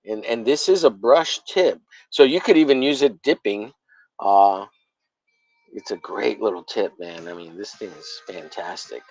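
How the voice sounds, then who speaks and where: A man's voice: on the low side, a little slow, a little mellow, poor audio. A man hosting a casual drawing livestream, rambling and joking, with profane banter. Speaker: livestream host, comic artist.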